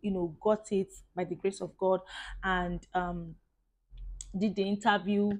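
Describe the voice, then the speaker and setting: Talking a little slowly in a medium-pitched, level voice, a thirty-something Nigerian vlogger chats casually with her audience. She has a Nigerian accent and an effusive manner, using "like" and "guys" again and again.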